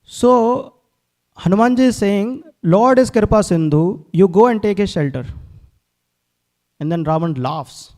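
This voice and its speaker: A man's voice: sits high, lively intonation, normal speed, a little mellow. A man giving a devotional sermon, telling scripture stories and acting out the quotes earnestly. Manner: earnest, repeats words, acts out quotes. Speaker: speaker at a temple class.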